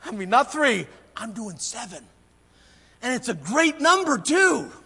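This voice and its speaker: A preacher putting on a smug, boastful disciple. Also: male voice, very high-pitched, sing-song, unhurried, gravelly, sharp tone, husky, voice pushed up, full character voice. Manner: boastful and pleased with himself. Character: smug, self-satisfied male disciple boasting. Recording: long reverb of a large church hall.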